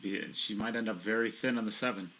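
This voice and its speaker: Male pool commentator, fairly low, sharp bright tone, chatty and self-deprecating. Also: steady tone, fairly quick, low-quality recording. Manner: chatty, self-mocking, explains shots in detail. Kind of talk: live sports commentary. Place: commentary booth.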